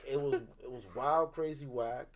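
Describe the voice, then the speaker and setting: A young man and podcast co-host, telling a story in casual chat. He talks in an animated way, acts out the quotes and laughs along. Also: medium pitch, moderate pace, crowd noise. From Dominican heritage.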